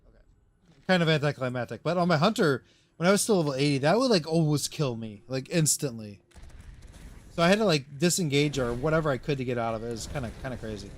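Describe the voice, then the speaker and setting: A man's voice: on the high side, lively intonation, quick pace. A man streaming a game live, rambling through casual commentary to himself and his chat.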